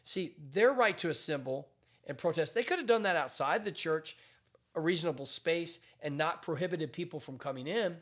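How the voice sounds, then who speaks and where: A man's voice: fairly high pitch, expressive, moderate pace, fairly bright tone. A man speaking as a pastor, giving emphatic commentary on current events with repeated phrases and frequent restarts.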